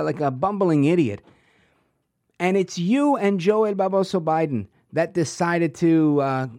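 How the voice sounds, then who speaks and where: A man's voice: on the high side, darkish tone, no room sound, clean studio sound. A man hosting a political commentary show, talking in a sarcastic, punchy monologue full of rhetorical questions. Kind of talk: opinionated monologue.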